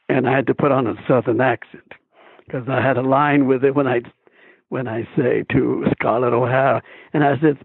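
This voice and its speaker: A man, a stage and screen actor, telling stories as a guest in a phone interview, chuckling often and animated. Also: medium pitch, moderate pace, creaky, breathy edge, dry recording. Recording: tinny phone line.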